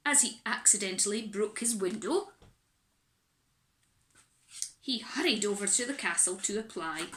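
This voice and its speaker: A woman reading a children's picture book aloud in an animated, expressive way, recorded in an echoey room. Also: medium pitch. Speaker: storyteller.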